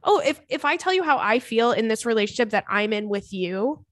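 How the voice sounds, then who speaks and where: A woman's voice: on the high side, lively intonation, brisk, no echo, clean studio sound. A young woman hosting a podcast, chatting bluntly and swearing freely as she reads a listener's letter aloud. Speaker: podcast host. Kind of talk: casual podcast chat reading a listener letter.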